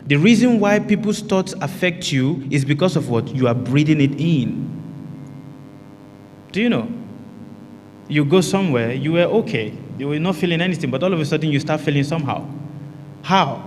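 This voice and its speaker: A man's voice: fairly high pitch, expressive, normal speed, pauses often, a little mellow, in a large hall, a little hiss or hum. A man teaching a meditation class, often asking the group rhetorical questions and answering them himself, and repeating key phrases for emphasis. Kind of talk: spiritual teaching talk to a group.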